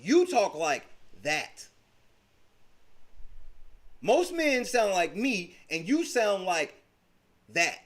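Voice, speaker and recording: A man's voice: high voice, sing-song, drawn-out words, long pauses. A man hosting a livestream, arguing heatedly in a profane, taunting and mocking way. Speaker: livestream host.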